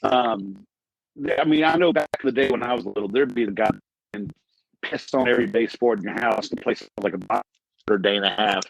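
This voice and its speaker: A man's voice: fairly low pitch, brisk, vocal fry, no room sound, rough recording. A man hosting a casual podcast, telling rambling, crude stories about the pest control trade. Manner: rambling storyteller, crude humor.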